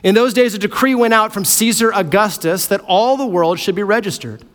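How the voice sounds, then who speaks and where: A man preaching a sermon as pastor, animated and playfully acting out characters. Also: high-pitched, a little fast. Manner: animated, acts out voices of characters. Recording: hall reverb.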